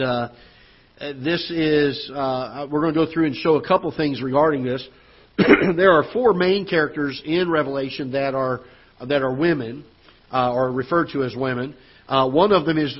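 A man's voice: medium pitch, husky, lo-fi sound. A man preaching a sermon as pastor in a church auditorium, speaking earnestly and conversationally with fillers and restarts. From Florida.

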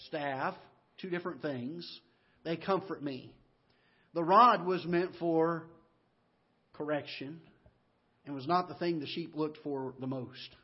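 Husky-voiced preacher telling folksy stories. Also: male voice, fairly high pitch, lo-fi sound. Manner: folksy storytelling, swings from loud to hushed. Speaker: pastor. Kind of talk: sermon. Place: church sanctuary.

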